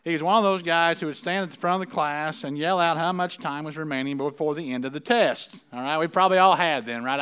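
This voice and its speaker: A man's voice: sits high, a bit bright, clean tone. A middle-aged man giving a conversational sermon, telling stories and often checking in with his listeners. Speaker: preacher.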